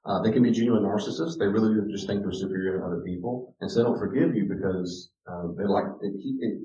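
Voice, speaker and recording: A man's voice: on the low side, quick pace, warm tone. A man giving a casual teaching talk on parenting, talking conversationally and acting out bits of dialogue. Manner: conversational, acts out quoted dialogue. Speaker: speaker on parenting and character. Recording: roomy, distant, dull recording.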